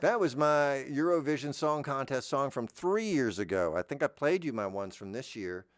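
A man's voice: medium pitch, expressive, normal speed, no room sound. Brief: middle-aged man hosting his own show, chatty and rambling, dry close sound. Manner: rambling, with frequent restarts and asides. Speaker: host. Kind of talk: casual monologue.

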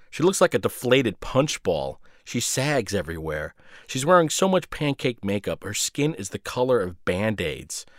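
A man's voice: fairly low pitch, no echo, studio quality. Sardonic man narrating a first-person story. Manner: sardonic, biting.

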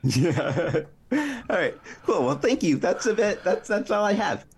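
A man's voice: high voice, lively intonation, unhurried. A man, a listener guest on a video call, hesitant and giggly in casual chat.

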